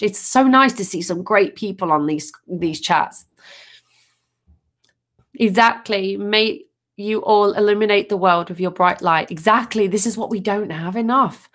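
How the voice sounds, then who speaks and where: A woman's voice: mid-range voice, fairly bright tone. A woman tarot reader hosting a casual live stream, upbeat and chatty, restarting sentences as she answers viewer comments.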